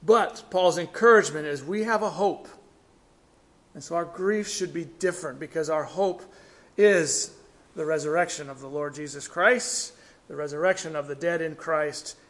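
A middle-aged man preaching a sermon, reading scripture and explaining it with earnest emphasis. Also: on the high side. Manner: earnest, rising emphasis then quiet falls.

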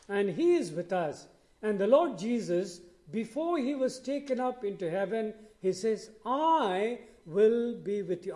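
Slow, mellow-voiced male preacher. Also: high-pitched. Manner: slow, deliberate preaching that rises on quoted promises. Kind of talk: sermon.

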